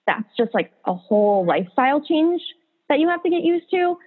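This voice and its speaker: Over a tinny phone-like line, a young podcast host tells stories in casual chat, using "like" constantly. Her voice sits high with big pitch swings, and she talks at a moderate pace.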